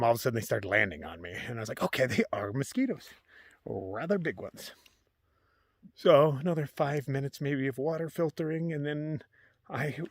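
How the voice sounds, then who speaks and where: A man's voice: medium pitch, dry recording. A man vlogging casually outdoors on a long trail hike, chatting in a rambling way and sometimes dropping to a whisper. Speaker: thru-hiker vlogger.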